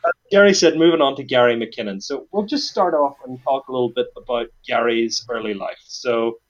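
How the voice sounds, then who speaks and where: A man's voice: medium pitch, brisk. A man with a Northern Irish accent hosting a casual podcast chat, telling a story with dry jokes and plenty of fillers. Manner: dry, joking, many fillers. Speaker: podcast host. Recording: dull lo-fi sound.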